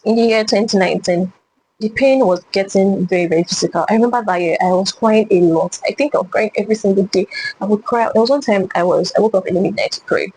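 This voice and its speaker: A woman's voice: medium pitch, quick pace, darkish tone, a little hiss or hum, rough recording. A young woman from Nigeria earnestly recounting her personal story, reflective, with frequent fillers and restarts. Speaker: vlogger. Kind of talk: personal testimony to camera.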